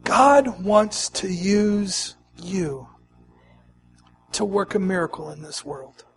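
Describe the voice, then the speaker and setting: A middle-aged man preaching a sermon as pastor, moving between hushed, quiet lines and loud, emphatic ones. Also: sits high, animated, takes it slowly, slight background noise.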